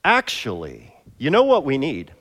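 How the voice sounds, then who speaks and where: A man's voice: mid-range voice, huge pitch swings, a little slow, fairly bright tone. A man preaching an interactive sermon as pastor, joking with the congregation and calling up volunteers. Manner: playful, jokey, coaxing volunteers. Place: church sanctuary. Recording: long hall reverb.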